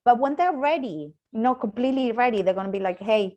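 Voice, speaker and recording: A woman mentor and coach speaking candidly as an interview guest, often dropping to a soft, low voice. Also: animated, rapid-fire, highs cut off. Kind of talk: casual interview chat.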